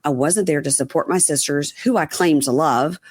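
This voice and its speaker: A woman's voice: sits low, normal speed, a little mellow, no room sound. A woman hosting a casual podcast, recapping a reality episode and acting out people's lines, with frequent ums and swearing. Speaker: podcast host.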